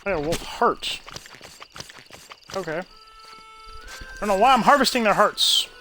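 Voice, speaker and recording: A man's voice: high voice, expressive, a little slow, soft background music. A man hosting a let's play, rambling and musing aloud in casual gameplay commentary. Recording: loud game sounds over the voice.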